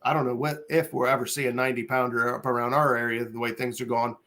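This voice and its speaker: Ohio man, gravelly-voiced host, chatty and meandering with fillers. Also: mid-range voice, little pitch movement, fast talker, pushed and bright. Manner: rambling, hesitant, lots of fillers. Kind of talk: casual chat on a live stream.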